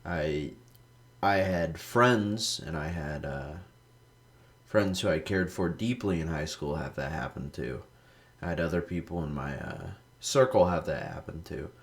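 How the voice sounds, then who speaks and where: A young man with a very low voice talks over his gameplay in a loose, rambling way. He drifts into stories, swears freely and fills his sentences with "like," sounding like a casual gaming host. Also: measured pace. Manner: rambling storytelling, heavy swearing, lots of "like".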